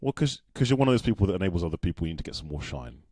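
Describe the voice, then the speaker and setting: A man with an English accent chatting casually as a guest, animated and playful. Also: sits low, racing, no room sound, studio quality. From England. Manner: animated, playful, puts on street slang for fun. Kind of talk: casual chat.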